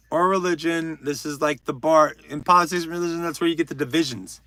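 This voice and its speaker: A man's voice: a little high, a little fast, few pauses, bright, forceful tone, no room sound. A man from Texas, hosting a casual livestream and chatting with viewers in a joking, rambling way. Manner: joking, rambling, reads chat aloud. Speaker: livestream host.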